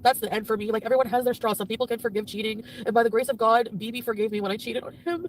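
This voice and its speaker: High-voiced woman ranting angrily. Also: quick pace, hardly any pauses, rough recording. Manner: angry, profane, breaking down, swinging from yelling to hushed. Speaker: streamer venting about a breakup. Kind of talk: emotional live-stream rant.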